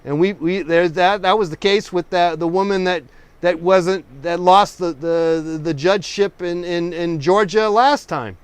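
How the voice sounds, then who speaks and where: A man hosting a live painting stream, talking in a loose, rambling way and tripping over words after a few drinks. His voice sits a little high and comes through smooth and resonant in a dry, close sound. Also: a little slow, dry recording. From Oakland, California. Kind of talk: casual live-stream chat.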